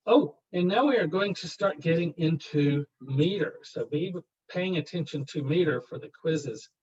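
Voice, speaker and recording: A man lecturing a university literature class in a rambling, wry way, reading verse aloud slowly. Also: fairly high pitch, animated, darkish tone, slightly rough. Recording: dull lo-fi classroom recording.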